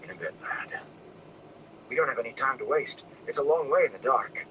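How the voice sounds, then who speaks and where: A man voicing a wounded, gruff older farmer who speaks in low, weary, hushed tones. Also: fast talker, lightly acted. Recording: distant mic with air conditioning noise.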